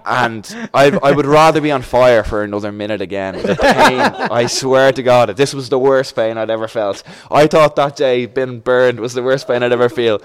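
A man's voice: mid-range voice, normal speed, few pauses, smooth. A young Irish man from Dublin, guest on a chat show, telling a long anecdote and acting out the voices in it. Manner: animated, acts out voices in his anecdote. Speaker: podcast guest. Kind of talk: casual storytelling.

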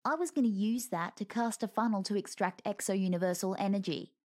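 A woman's voice: medium pitch, a little fast, a little mellow, lightly acted. A woman voicing a dogged, exasperated male wizard in a storybook reading. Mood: dry.

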